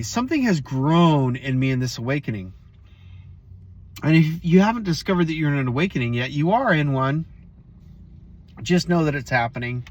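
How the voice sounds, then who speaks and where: A man hosting a motivational vlog, telling a story casually and speaking straight to his viewers. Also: a little high. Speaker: host.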